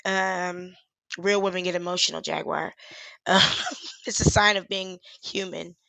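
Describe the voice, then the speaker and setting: A woman's voice: fairly low pitch, steady tone, unhurried, vocal fry, bright, forceful tone, no echo, rough recording. A woman hosting a casual live stream as an activist, talking candidly and emotionally, swearing freely and laughing often. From Charlotte, USA. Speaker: livestream host and activist.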